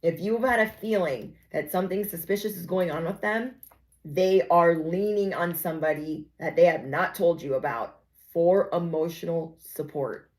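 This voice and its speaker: Young woman doing a reading, low voice, sassy and chatty, talks right to the camera. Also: moderate pace, poor audio. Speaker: tarot reader. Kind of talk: casual spoken reading to viewers.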